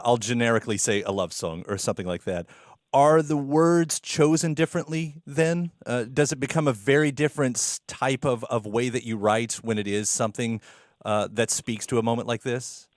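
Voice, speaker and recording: A man's voice: fairly low pitch, dry recording, studio quality. A man hosting an interview, asking long, hesitant questions as he searches for words. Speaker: interview host.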